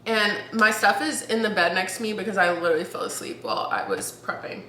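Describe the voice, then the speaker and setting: A young woman vlogs from her bed, talking candidly into a camera she holds up. She is close to tears and keeps restarting her sentences. Her voice is bright, and the room is echoey with a faint hum behind her. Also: mid-range voice, sing-song. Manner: candid, halting, restarts, laughs through near tears. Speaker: vlogger. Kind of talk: casual vlog talk to camera. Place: at home, in bed. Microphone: camera held up.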